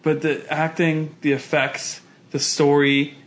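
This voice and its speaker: A man's voice: on the high side, little pitch movement, takes it slowly. A man co-hosting a podcast in casual chat, laughing often and rambling with fillers. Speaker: podcast co-host.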